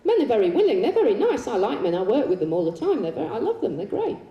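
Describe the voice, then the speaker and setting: A woman's voice: a little high, very animated, fast talker, distant mic, highs cut off. A woman performing a live stage monologue and a poetry reading, teasing the audience with playful banter. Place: large concert hall, live show. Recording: echoey hall recording.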